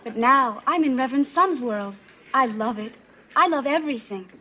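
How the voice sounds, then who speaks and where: An actress playing a blissful, soft-spoken young female cult follower in a TV sitcom. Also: high-pitched, lively intonation, moderate pace, exaggerated voice.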